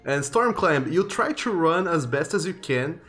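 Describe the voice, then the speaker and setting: A man's voice: on the high side, lively intonation, measured pace, a bit bright, soft background music. A man narrating as game master in a tabletop game, casual and loose, with plenty of fillers.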